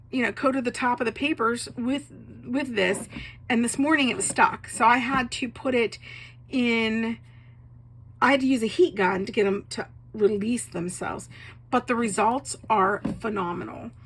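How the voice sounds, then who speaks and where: A woman's voice: a little high, low-quality recording. A woman showing off her handmade paper in a casual craft video, gushing with enthusiasm and a little choked up with a cough. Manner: enthusiastic, gushing, repeats praise words. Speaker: craft vlogger, bookbinder. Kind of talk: casual show-and-tell. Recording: steady background noise.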